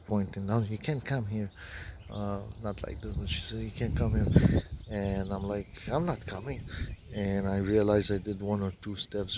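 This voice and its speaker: A man with a voice recounting a dream in a rambling, halting way, full of restarts and fillers. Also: fairly low pitch, darkish tone, a little hiss or hum. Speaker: dream narrator. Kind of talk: rambling personal account.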